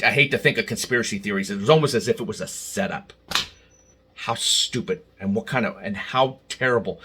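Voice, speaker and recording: A man delivers a heated, emotional monologue to his viewers, stumbling over restarts and jumping into loud outbursts. His voice is bright and forceful, with a husky edge to it. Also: fairly low pitch. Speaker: channel host. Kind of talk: opinion monologue to camera.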